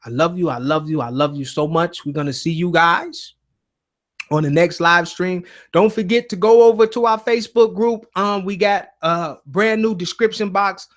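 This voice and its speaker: A man's voice: high voice, normal speed, a bit bright. A man hosting a casual live-stream show, telling stories earnestly with many restarts and fillers. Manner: emotional, earnest.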